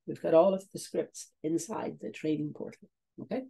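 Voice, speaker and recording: Irish male business coach, gravelly and husky, repeats himself and checks in with "okay?". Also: on the high side, moderate pace, dark tone. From Ireland. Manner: repetitive, tags points with "okay?" and "uh, there" fillers. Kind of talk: online training webinar.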